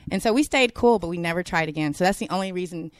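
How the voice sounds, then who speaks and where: Fast-talking woman with a smooth low voice. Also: no room sound. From Georgia, USA. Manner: quick, rambling storytelling. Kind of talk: casual storytelling.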